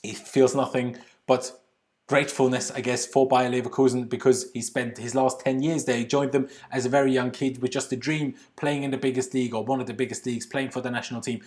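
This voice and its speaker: A man's voice: medium pitch, level tone, fairly quick, a little mellow. A man with an Austrian accent hosting a casual football livestream from home, chatting loosely with British slang and answering viewer comments. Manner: casual British slang, says "bloody" often. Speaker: football channel host.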